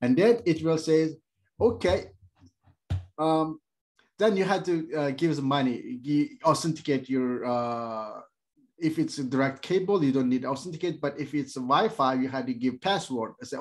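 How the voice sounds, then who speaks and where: A male instructor explaining networking in a halting, plain way, with many fillers and everyday comparisons. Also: medium pitch. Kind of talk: screen-share tech lesson.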